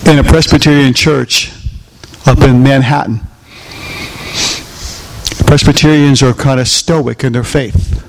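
A male pastor preaching a sermon in a folksy way, firing off rhetorical questions at his congregation and swinging between loud, emphatic lines and soft, drawn-out ones. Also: mid-range voice, fairly even intonation.

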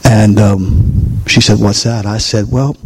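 A man preaching a chatty, conversational sermon as pastor in a church, swinging into high voices for quotes and asides. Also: takes it slowly, slightly rough. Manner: animated, chatty, jumps to high voice for quotes and jokes. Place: church sanctuary.

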